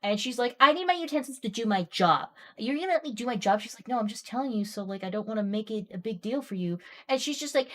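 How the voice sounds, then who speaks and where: A woman streamer chatting casually and telling a long story, getting animated and worked up as she rambles. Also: medium pitch, quick pace, few pauses.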